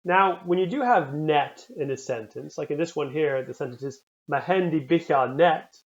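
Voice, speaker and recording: A man teaching a recorded language lesson, repeating words slowly and carefully for the learner. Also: fairly high pitch, dull audio. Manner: slow, careful pronunciation drills.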